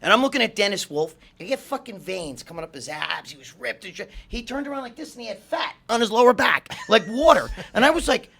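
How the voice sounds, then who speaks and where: Loud, swearing man in his fifties. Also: high-pitched, lively intonation, fast talker, creaky, few pauses. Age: 50s. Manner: loud, swearing, laughing storyteller. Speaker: guest. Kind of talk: profane casual chat.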